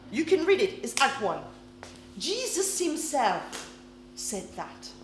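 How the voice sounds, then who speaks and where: A woman's voice: on the high side, a little hiss or hum. A woman preaching a sermon in English, which is not her first language, in an emphatic manner and often checking in with her listeners. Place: church hall with congregation. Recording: echoey room.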